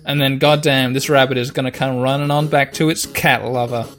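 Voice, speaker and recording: Laid-back swearing gamer, mid-pitched man. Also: level tone, brisk, a bit bright, faint music behind. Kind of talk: casual let's-play commentary.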